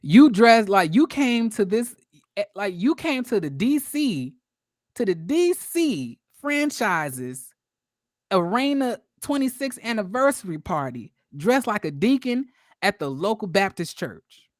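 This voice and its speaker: A man's voice: high-pitched, sing-song, measured pace, dry recording, studio quality. A man giving a casual, gossipy recap of a reality show, full of fillers and shade, talking straight to his viewers. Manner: chatty and gossipy, addresses viewers as y'all, full of likes and you-knows; sassy, throws shade. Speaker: YouTube commentator.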